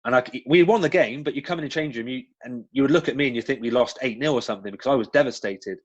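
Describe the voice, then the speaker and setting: A chatty former professional footballer from England's West Country, with a West Country accent, answers interview questions as a guest, telling anecdotes in an animated way. His medium-pitched voice moves at a quick pace with frequent ums and restarts, and the recording is dull with no echo.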